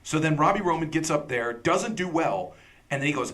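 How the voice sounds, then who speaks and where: Bright-voiced talk show host. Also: male voice, fairly high pitch, expressive, a little fast. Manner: chatty storytelling with laughs. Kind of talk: casual chat.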